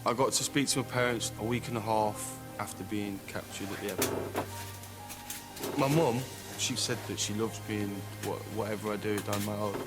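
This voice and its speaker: Low man, blunt documentary testimony, loud score playing under him. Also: steady tone, normal speed, over loud music. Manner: blunt, matter-of-fact storytelling. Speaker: interviewee recounting arrest abroad.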